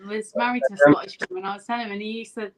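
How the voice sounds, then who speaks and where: A woman's voice: medium pitch, expressive, very fast, a crowd in the background. A woman guest on a casual live-stream chat, playful and enthusiastic.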